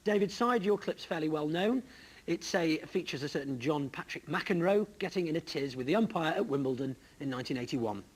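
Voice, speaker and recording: A man hosting a comedy sports quiz, reading brisk, wry links to the teams. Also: a little high, animated, husky, rough recording. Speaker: quiz show host.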